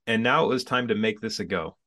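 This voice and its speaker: A man in his forties with a lowish voice tells his story as a podcast guest. He speaks casually and with energy, and now and then acts out how he reacted back then. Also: fast talker. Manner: animated storyteller who acts out his own past reactions. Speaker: podcast guest, business coach.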